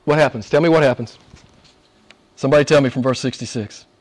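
A pastor talks fast in a medium-pitched voice while preaching to his church during a service. He's emphatic, repeats phrases frequently, and asks the congregation "right?" to invite agreement.

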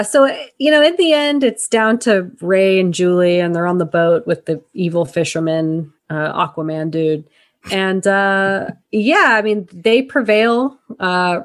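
A British woman co-hosting a podcast, telling a lively movie recap and acting out her own reactions. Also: on the low side. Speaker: podcast co-host. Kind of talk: casual movie review chat.

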